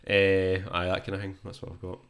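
A man's voice: sits low, completely flat delivery, brisk, creaky, a bit bright. A Scottish man co-hosting a casual podcast chat, laid-back and hesitant, often trailing off mid-thought. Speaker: podcast co-host.

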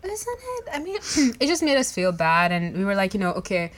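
A woman's voice: medium pitch, very animated, moderate pace. A young woman co-hosting a casual podcast chat, talking loosely with many fillers. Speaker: podcast co-host.

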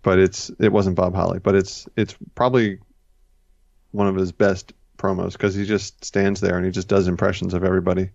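A man's voice: low-pitched, flat delivery, brisk, vocal fry, darkish tone, dry recording. A man co-hosting a casual chat, rambling and correcting himself as he retells scenes. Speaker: podcast co-host. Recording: dull, lo-fi dry recording.

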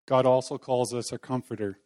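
A man's voice: medium pitch, steady tone, brisk, a little mellow. A man preaching an informal sermon in a church hall, talking in a conversational, folksy way with self-deprecating humor. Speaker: lay preacher.

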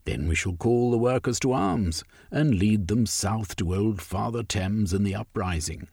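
A man's voice: on the low side, a little slow, a little mellow, breathy edge, no room sound, studio quality. A man voicing a stubborn, scheming male political agitator who ends his points with a questioning eh in an audiobook story. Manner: tags statements with a questioning eh.

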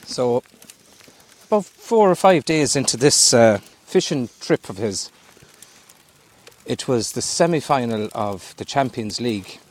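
A man's voice: mid-range voice, lively intonation, measured pace. A man, a fishing guide, telling a rambling, easygoing story. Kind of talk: casual storytelling.

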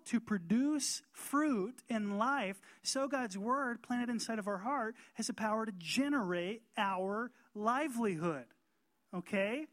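Male pastor from North Carolina, emphatic preacher who leans on slow stressed words and questions to the room. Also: very high-pitched, fairly bright tone. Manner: emphatic, asks the congregation rhetorical questions, slows down to stress words. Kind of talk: sermon.

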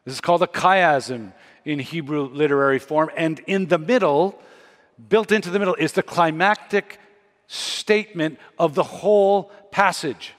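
A man's voice: fairly high pitch, moderate pace. A man preaching a sermon as pastor, teaching closely from scripture and building to emphatic peaks. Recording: long hall reverb.

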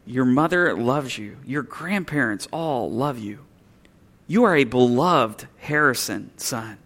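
A loving father, proud and insistent, reminding his boy who he is, as a male preacher voices him in a sermon story. The voice is bright and forceful, but otherwise close to an everyday tone. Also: medium pitch, animated, takes it slowly. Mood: earnest, proud. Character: loving father coaching his young son.

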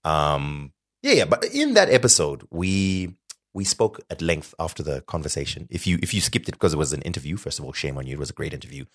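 A man co-hosting a podcast in casual, playful chat, from Zimbabwe, sometimes mock-pompous and animated. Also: rumbling low, brisk. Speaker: podcast co-host.

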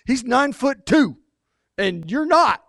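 A worried king played by a preacher warns a youngster off in a casual, chummy way. The voice is fairly high for a man. It sounds dry and close. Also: sing-song, measured pace, vocal fry, fairly bright tone, no room sound, heavily acted. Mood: warning.

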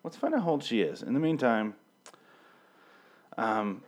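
With big pitch swings and a measured pace, a mid-range male voice delivers rambling, irreverent solo commentary on a TV show. The podcast host is in his thirties, swears frequently, and records on a studio mic fitted with a pop filter.

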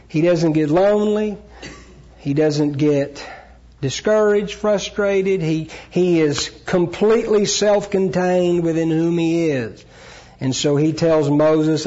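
A man preaching a Bible teaching sermon, earnest and emphatic, pausing and correcting himself as he goes. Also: high voice, a little mellow. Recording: dull lo-fi recording.

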